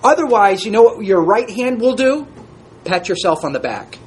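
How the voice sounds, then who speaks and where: A man's voice: sits high, big pitch swings, normal speed, a little hiss or hum. A man teaching an interactive Bible class, reading scripture aloud and asking the group questions in a conversational way.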